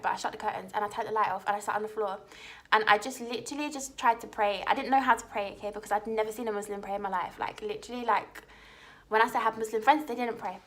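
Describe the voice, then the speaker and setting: A woman's voice: on the high side, fairly bright tone. A young woman telling a personal story to camera in a chatty way, often asking her viewers "okay?". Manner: chatty, frequent "like" and "okay?" check-ins. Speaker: vlogger.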